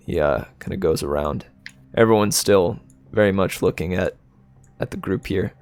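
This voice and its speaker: A man narrating a tabletop game as game master, relaxed and hesitant with many fillers. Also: sits low, normal speed, smooth, no echo.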